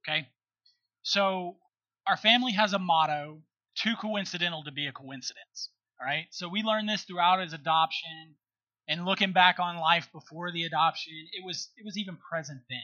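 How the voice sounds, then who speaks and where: A man's voice: high voice, bright, forceful tone, poor audio. A middle-aged man telling a personal story in casual conversation, earnest and emphatic, often checking in with his listener. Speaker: guest.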